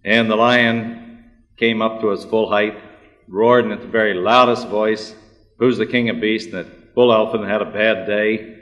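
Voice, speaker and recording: Guy giving a technical lecture, precise and measured, echoing hall. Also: on the low side, fairly even intonation, a bit bright. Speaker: speaker giving a technical address. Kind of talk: formal lecture. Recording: long hall reverb.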